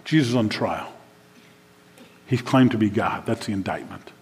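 A man's voice: on the low side, a little slow. A man preaching a sermon as pastor, chatty and loose at times, then building to emphatic declarations. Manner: conversational, shifts to emphatic declarations. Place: church sanctuary. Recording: long reverb of a church hall.

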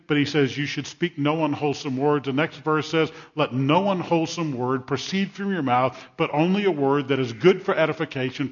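An older man, a pastor, preaching a sermon with emphatic delivery and storytelling asides. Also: fairly high pitch. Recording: dull lo-fi sermon recording.

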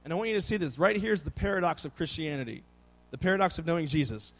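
A man's voice: on the high side, quick pace. A man in his thirties preaching a sermon, telling family stories with playful asides and acting out his children's voices. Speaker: pastor.

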